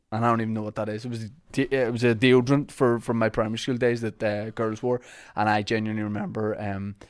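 A man with a Northern Irish accent hosting a podcast, chatting jokily and reading sponsor ads in a rambling, loose way. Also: on the low side. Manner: rambling, jokey, with fillers and restarts. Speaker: podcast host. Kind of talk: casual podcast chat and sponsor reads.

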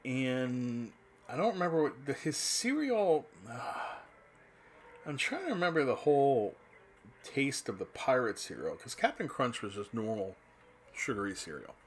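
Unhurried and sing-song, a medium-pitched man's voice carries over slight background noise. He's from New Jersey, USA, in his fifties, and talks nostalgically and aimlessly, breaking off mid-thought and occasionally cursing.

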